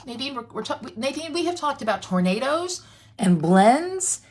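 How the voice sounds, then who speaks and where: A woman's voice: high voice, big pitch swings, normal speed. A woman from Canada hosts a crafting livestream from her home craft room. She chats along as she works and answers viewers' comments. Her talk is loose and conversational, full of fillers and restarts. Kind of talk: casual livestream chat while crafting. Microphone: phone camera.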